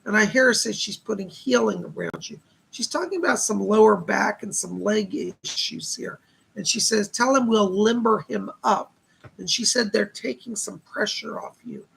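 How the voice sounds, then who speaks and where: Male psychic medium, live-stream host, gravelly husky voice, chatty relayed messages. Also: high voice, fairly bright tone, poor audio. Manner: relays spirit messages with constant "she said" tags.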